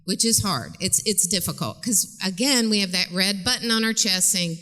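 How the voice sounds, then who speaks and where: A woman's voice: medium pitch, normal speed, hardly any pauses. Chatty woman speaking in a church. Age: middle-aged. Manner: chatty, animated, laughs often, acts out voices. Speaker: guest speaker and parenting teacher. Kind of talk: church talk with storytelling. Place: church sanctuary stage. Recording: long reverb in a large church.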